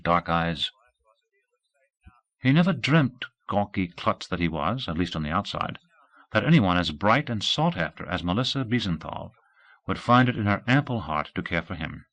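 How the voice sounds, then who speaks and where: Expressive male audiobook narrator. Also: low-pitched. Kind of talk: scripted narration.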